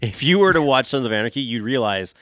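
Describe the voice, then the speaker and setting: A man's voice: mid-range voice, animated, quick pace, a bit bright, no room sound. A man co-hosting a casual movie-talk podcast, giving blunt opinions and laughing often. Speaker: podcast co-host. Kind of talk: casual chat.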